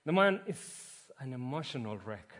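A man pastor preaching a sermon, opening with a quiet prayer and then telling a joke story in an earnest manner. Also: mid-range voice, very animated, a little slow. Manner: earnest, storytelling, some restarts.

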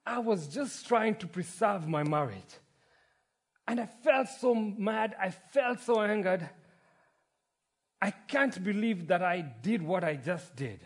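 A man's voice: sits high, animated, slow pace, husky, pitched above the performer's own voice, exaggerated voice. A man voicing a jealous husband who is an emotional wreck, pleading his case. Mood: distraught. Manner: pleading, overwrought.

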